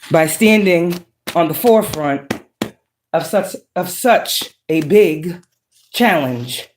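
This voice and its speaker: A woman's voice: lowish voice, a little hiss or hum. A woman giving a profane, emphatic, preachy casual monologue as a psychic tarot reader. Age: adult with children.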